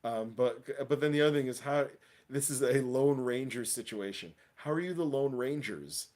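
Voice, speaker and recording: Man, livestream host, casual chat, excitable, slangy, laughs a lot, mid-pitched voice. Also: moderate pace. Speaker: wrestling show host.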